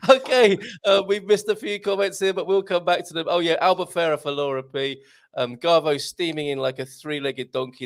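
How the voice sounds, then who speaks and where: A man's voice: a little high, steady tone, brisk. A man hosting a live morning show, chatting in a jokey way and laughing often. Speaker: host. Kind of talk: casual live show chat.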